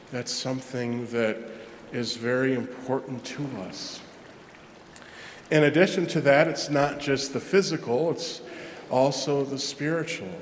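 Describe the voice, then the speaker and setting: A man, a Catholic parish priest, preaching a sermon in a chatty, self-deprecating way with lively asides. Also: medium pitch, slight background noise. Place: large church. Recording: echoey church with long reverb.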